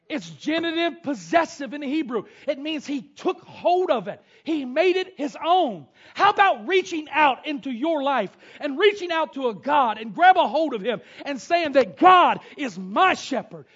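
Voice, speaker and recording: Male preacher, very high voice, shouts and whoops between quieter teaching, muffled lo-fi recording. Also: lively intonation, moderate pace. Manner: shouting bursts and whoops, then drops to low teaching tone. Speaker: pastor. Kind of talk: sermon. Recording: dull lo-fi sound.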